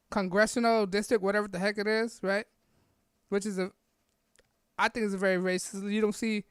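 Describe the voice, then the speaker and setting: A woman's voice: mid-range voice, a bit bright, clean tone, no room sound, clean studio sound. A woman hosting a podcast, delivering a blunt, rambling political rant, capping nearly every point with "right?" or "all right?". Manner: blunt and combative, repeats herself. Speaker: podcast host. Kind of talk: opinionated political rant monologue.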